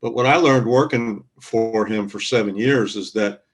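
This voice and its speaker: A man in a casual discussion, speaking in a measured, reflective way with frequent fillers. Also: lowish voice. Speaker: guest commentator.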